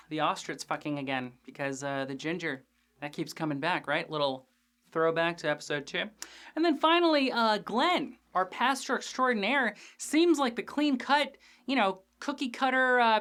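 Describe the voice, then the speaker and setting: A woman's voice: medium pitch, fairly bright tone. A woman hosting a TV after-show, reviewing an episode in a casual, joking way with frequent swearing. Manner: chatty, profane, joking asides.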